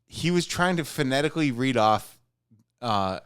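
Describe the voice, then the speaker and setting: A man co-hosting a casual podcast, telling a story with halting, stammered restarts. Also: mid-range voice, expressive, a bit bright, clear, resonant tone, no echo, studio quality. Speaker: podcast co-host.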